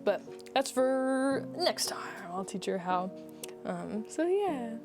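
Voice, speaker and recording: A woman's voice: fairly high pitch, big pitch swings, takes it slowly, music in the background. A young woman streamer chatting casually with her viewers, talking in a rambling, heartfelt way.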